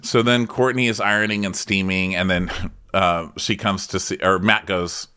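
A man's voice: low-pitched, fairly even intonation, normal speed, sharp tone, clear, resonant tone. A man co-hosting a podcast, blunt and wisecracking in casual recap chat, often laughing at the show. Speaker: podcast co-host.

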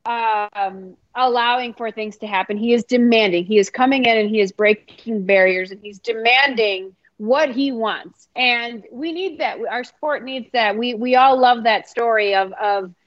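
An enthusiastic woman chats as a podcast co-host, leaning hard into her points. Her voice is somewhat high. The sound is a little dull and dry. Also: unhurried, few pauses, no echo. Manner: enthusiastic, emphatic. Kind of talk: casual sports chat.

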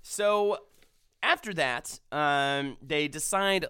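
Man, podcast co-host, smooth resonant voice, dry sound, enthusiastic chatter. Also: medium pitch, lively intonation, normal speed, fairly bright tone, dry recording. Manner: enthusiastic, restarts often with ums. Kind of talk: casual podcast chat.

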